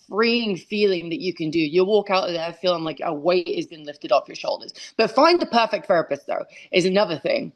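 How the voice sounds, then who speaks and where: A woman, a guest talking candidly and casually, full of fillers and restarts, over a video call. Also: lowish voice. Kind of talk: casual interview chat.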